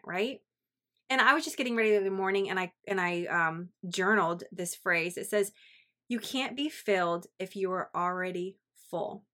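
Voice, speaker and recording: A woman's voice: medium pitch, fairly bright tone. A woman hosting a devotional podcast, talking earnestly and encouragingly and asking her listeners reflective questions. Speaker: faith podcast host. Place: home in Central Florida.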